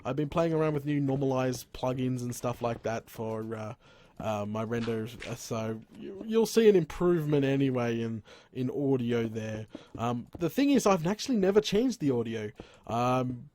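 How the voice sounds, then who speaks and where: An Australian man chatting on a casual gaming live stream at home, rambling, laughing often and exclaiming "crikey" into a boom arm microphone. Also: lively intonation, normal speed, dark tone, dry recording. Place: room at home.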